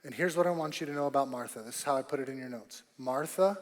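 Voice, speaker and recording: A man preaching a sermon as pastor, emphatic and repetitive, rising to loud bursts on key points. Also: medium pitch, fast talker, long reverb tail. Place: church auditorium.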